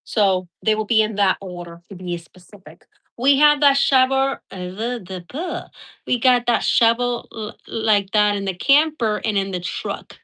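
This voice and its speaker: A woman's voice: mid-range voice, unhurried, bright, forceful tone. A woman hosting a casual live stream, chatting and rambling through stories as she shows her gear.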